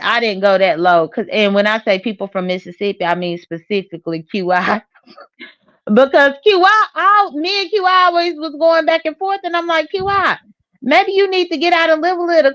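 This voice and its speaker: A woman's voice: high voice, no echo, lo-fi sound. A woman co-hosting a casual commentary show, rambling and hesitant, with many fillers.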